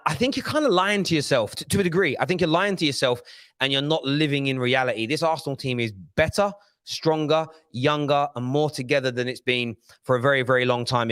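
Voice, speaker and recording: A man hosting a live football stream, energetic and animated. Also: mid-range voice, dry recording. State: out of breath. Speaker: host.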